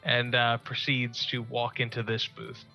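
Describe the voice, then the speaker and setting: A man's voice: medium pitch, completely flat delivery, unhurried, creaky, sharp tone. A man playing a tabletop game, asking hesitant questions full of restarts. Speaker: player. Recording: muffled stream audio with music.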